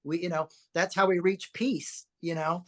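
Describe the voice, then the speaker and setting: A podcast host telling personal stories in an animated, anecdotal way, often repeating words. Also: mid-range voice, normal speed. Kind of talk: podcast conversation, personal storytelling.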